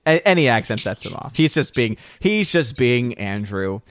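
A man's voice: mid-range voice, sing-song, moderate pace, slight background noise. A man hosting a casual live stream who rambles, repeats himself and laughs often. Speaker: stream host.

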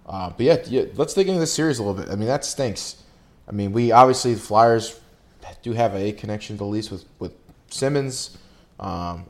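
A man's voice: on the low side, darkish tone. A man co-hosting a podcast, talking casually and rambling with fillers. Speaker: podcast co-host. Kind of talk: casual sports chat.

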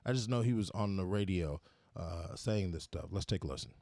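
A man's voice: deep voice, brisk, vocal fry, darkish tone, a little hiss or hum. A man hosting a podcast in casual chat, laid-back and slangy, with some hesitations. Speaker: podcast host.

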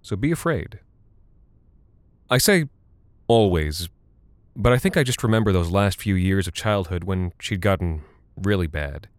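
Low-voiced man narrating a somber story. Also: lively intonation, normal speed, clear, resonant tone, no room sound, studio quality. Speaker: narrator and voice actor. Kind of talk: scripted first-person horror narration.

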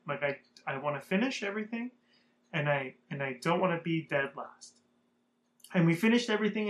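A young man from Southern California tells a story in a loose, casual vlog way. His voice sits a little high for a man. He rambles and swears freely, with lots of fillers. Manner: profane, rambling, animated. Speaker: vlogger.

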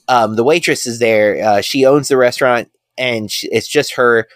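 In a dry studio-quality recording, a man with a mid-range voice talks at a moderate pace with barely any pauses. He's a podcast co-host whose casual, rambling chat is dotted with fillers and excitement about movies.

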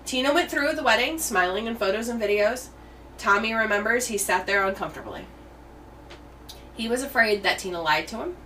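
Lively American woman telling a true crime story. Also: fairly high pitch, a little fast, recorded from a distance, slight background noise, low-quality recording. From United States. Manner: chatty, tangent-prone storytelling. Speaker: podcast host. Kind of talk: true crime podcast chat.

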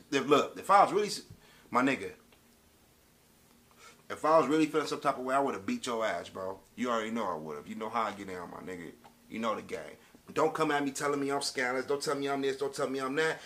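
A man's voice: on the high side, a bit bright. A man telling a story to camera as a casual rant, with streetwise slang and emphatic delivery. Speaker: vlogger.

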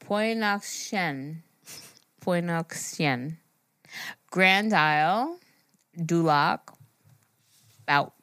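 A woman's voice: fairly low pitch, animated, extremely slow, long pauses, fairly bright tone, smooth, dry recording. A woman co-hosting a casual podcast, teasing and laughing as she talks. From United States. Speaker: podcast co-host. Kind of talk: casual chat.

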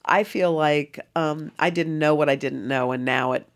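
A woman in her fifties with a gravelly, creaky edge to her voice. She tells a personal story to an interviewer with earnest, animated candor, bringing the people in it to life. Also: deep voice, moderate pace. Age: 50s. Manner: earnest, animated, acts out dialogue. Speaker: interview guest.

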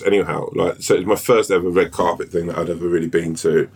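Low-voiced chatty male podcast host. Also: steady tone, quick pace, darkish tone. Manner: chatty, swearing, tells anecdotes with put-on voices. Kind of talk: casual chat.

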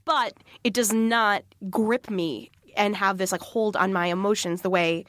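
A woman's voice: medium pitch, unhurried, a bit bright, no room sound. A woman in her thirties co-hosting a podcast, chatting earnestly and laughing often. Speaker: podcast co-host. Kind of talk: casual chat.

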